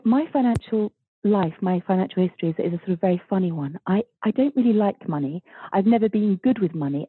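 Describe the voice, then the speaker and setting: Husky bubbly woman on a thin line. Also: lowish voice, no room sound. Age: 50s. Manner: animated, bubbly, acts out quoted dialogue. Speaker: guest author. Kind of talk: interview storytelling. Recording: thin phone-like line, dry.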